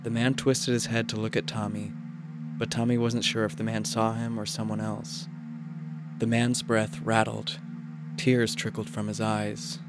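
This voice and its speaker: A man narrating a literary short story in a measured, quiet, even manner. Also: fairly low pitch, over music.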